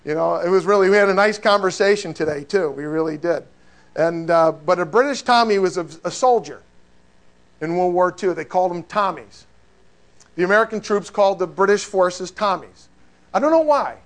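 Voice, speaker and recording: Male pastor, higher register, emphatic sermon storyteller. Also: moderate pace. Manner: emphatic storytelling preacher, dropping to hushed prayer.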